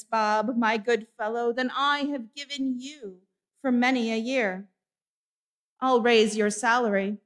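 Brief: woman reading as a stern old male miser, gruff and loud, medium pitch, unhurried.

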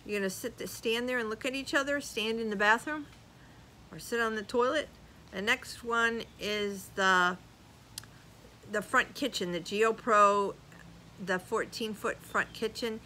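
An older woman vlogger chatting casually as she reads viewer comments aloud, animated and laughing often. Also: fairly high pitch, measured pace, slight background noise, poor audio. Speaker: YouTube vlogger. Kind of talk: casual chat reading comments.

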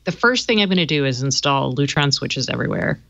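A woman's voice: a bass voice, big pitch swings, fast talker, vocal fry, a bit bright, no echo, muffled recording. A woman co-hosting a tech talk show, chatty and explaining smart home gear with many fillers. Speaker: tech podcast co-host, smart home expert. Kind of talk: casual tech chat.

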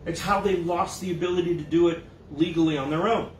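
A man's voice: fairly high pitch, fairly even intonation, a little fast, a little hiss or hum. A man preaching a casual sermon, now and then acting out quoted voices with a mocking lilt. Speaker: pastor. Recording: echoey room, mic at a distance.

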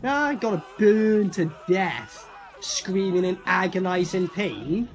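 A film reviewer giving casual, profane reaction commentary and acting out characters in quick asides. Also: medium pitch, expressive.

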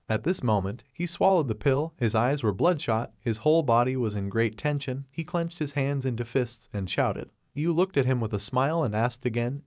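A man's voice: mid-range voice, normal speed, a little mellow, dry recording. A man narrating a comic recap, dry close sound. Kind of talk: scripted narration.

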